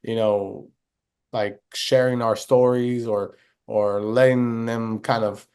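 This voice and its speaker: A man co-hosting a casual podcast, talking haltingly with lots of fillers. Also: medium pitch, flat delivery, darkish tone, clean tone. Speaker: podcast co-host.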